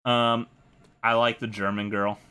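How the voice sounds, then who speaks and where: Exasperated young man with a bright voice. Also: lowish voice, level tone, unhurried, clear, resonant tone. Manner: exasperated, swears a lot, laughs in disbelief. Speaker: podcast host. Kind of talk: casual anime review rant.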